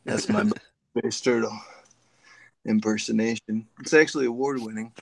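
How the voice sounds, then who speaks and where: A guest artist chats casually on a video call, joking, rambling and muttering to himself while he fixes his computer. His mid-range voice has vocal fry and fairly even intonation at a moderate pace, with no echo.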